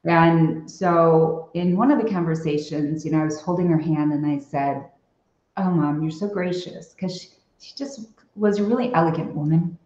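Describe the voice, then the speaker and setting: A woman's voice: sits low, moderate pace, a little mellow. Reflective woman guest, echoey muffled audio. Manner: reflective storytelling with frequent fillers. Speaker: podcast guest. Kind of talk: casual conversational interview.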